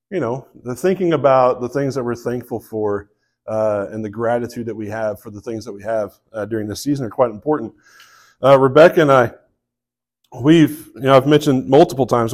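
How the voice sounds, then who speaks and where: Southern pastor telling a story. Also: male voice, mid-range voice. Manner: relaxed storytelling with many fillers. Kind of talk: sermon.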